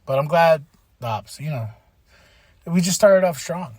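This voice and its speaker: A young man from Texas hosting a podcast, excitedly recapping wrestling matches in a loose, swearing, animated way. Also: fairly high pitch, measured pace, husky, no echo, studio quality. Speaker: podcast host.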